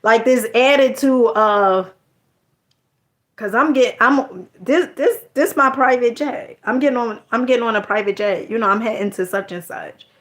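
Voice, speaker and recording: Woman vlogger, relaxed storytelling monologue, chatty and slangy, fairly high pitch. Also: moderate pace. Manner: chatty, repeats words, slangy.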